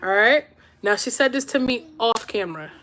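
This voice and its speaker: A woman's voice: a little high, expressive, normal speed, a bit bright, a little hiss or hum. A woman in her thirties telling a story to camera in a casual, chatty way, checking in with her viewers as she goes. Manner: chatty, keeps checking in with "all right?" and "right?". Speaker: podcast host telling a story.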